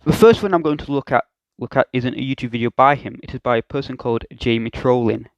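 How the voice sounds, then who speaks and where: A man's voice: mid-range voice, quick pace, no echo, dull audio. A young man hosting a reaction video, talking in a self-mocking, hesitant way. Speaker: YouTube reaction host. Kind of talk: reaction commentary.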